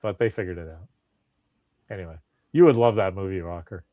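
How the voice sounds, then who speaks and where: In a casual podcast chat, this male host speaks briskly in a low-pitched voice, with no echo in the recording. He's an animated storyteller who voices the people he quotes.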